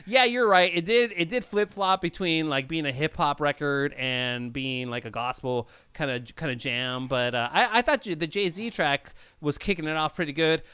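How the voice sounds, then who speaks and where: A man's voice: on the high side, moderate pace, few pauses, sharp tone, smooth, dry recording. A man co-hosting a podcast, chatting casually and rambling, repeating words as he searches for his point. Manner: rambling, repeats words while hunting for a thought. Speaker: podcast co-host. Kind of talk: casual chat.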